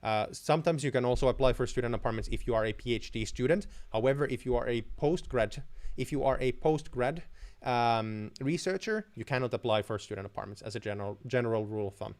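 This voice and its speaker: Young guy from finland doing a live q&a, chatty, stumbles and restarts a lot, average pitch. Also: quick pace, a little mellow. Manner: chatty, many restarts and fillers. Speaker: host answering viewer questions. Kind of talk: live stream Q&A.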